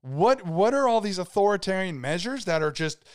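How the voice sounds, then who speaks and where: A man's voice: sits high, animated, normal speed, smooth, no room sound, studio quality. A man co-hosting a casual podcast, talking earnestly with some hesitation and swearing. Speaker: podcast co-host. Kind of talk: casual chat.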